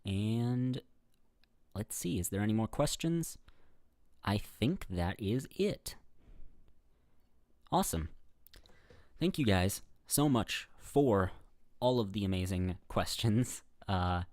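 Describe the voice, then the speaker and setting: A man's voice: on the low side, expressive, slow pace, pauses often, darkish tone, no echo, studio quality. A young man hosting a casual Q&A vlog, rambling with fillers and restarts and laughing at his own remarks. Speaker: YouTuber answering viewer questions. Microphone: webcam setup facing the camera.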